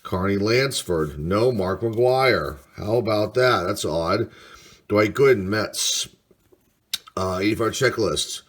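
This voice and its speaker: Card-break host: man, low voice, unhurried, reads names with quiet pleasure. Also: animated. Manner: unhurried, reads names aloud, mild enthusiasm. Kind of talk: casual card-break commentary.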